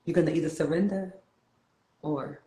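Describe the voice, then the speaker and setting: A woman's voice: deep voice, fairly even intonation, moderate pace, dark tone. Brief: New York woman, chatty livestream host, laughs easily, roomy echoey sound. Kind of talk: casual livestream chat. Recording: roomy echo.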